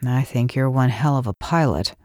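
A woman voicing a gruff but soothing male pilot in a storybook. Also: a bass voice, normal speed, a little mellow, no echo, clean studio sound. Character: gruff, lean male pilot, guarded yet tender.

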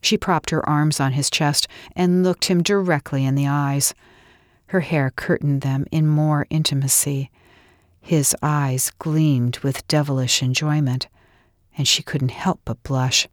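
A woman narrating a romance audiobook in a steady, intimate reading. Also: sits low, measured pace, no room sound, studio quality. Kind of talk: scripted narration.

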